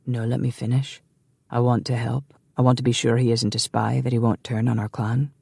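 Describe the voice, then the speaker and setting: A proud, scheming Scottish man, as a male audiobook narrator puts him on, speaking low and heavily with a sneer. The voice is dark and gravelly, recorded close and dry. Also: level tone, normal speed, dry recording. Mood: earnest.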